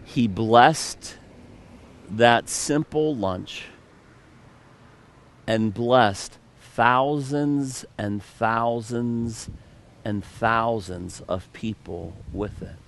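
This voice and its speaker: A man's voice: medium pitch, very slow, vocal fry. A male pastor preaching a sermon, reading scripture and then retelling it with playful storytelling asides.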